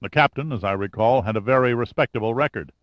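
A man's voice: mid-range voice, fast talker, no room sound, dull audio, close to an everyday voice. A man reading an audiobook, voicing an easygoing male private investigator with a matter-of-fact manner.

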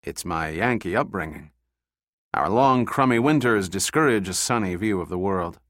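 Man reading a low, deadpan wry man. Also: normal speed, no echo, studio quality. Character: grimly wry American man from the Northeast.

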